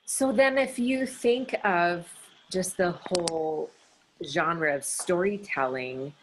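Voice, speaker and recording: A woman's voice: on the low side, slow, slight background noise, rough recording. A woman storyteller in casual conversation, asking thoughtful questions.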